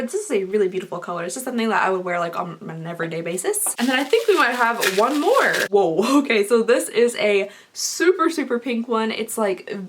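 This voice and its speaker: A young woman chatting through an unboxing, rambling and easily excited, her voice rough from being sick. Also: on the high side. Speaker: unboxing vlogger. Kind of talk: casual unboxing chat.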